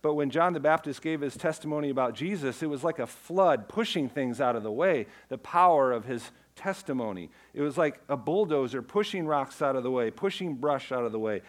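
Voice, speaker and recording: A man preaching a sermon in an emphatic way, repeating key phrases and dropping his voice low for quoted words. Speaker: pastor.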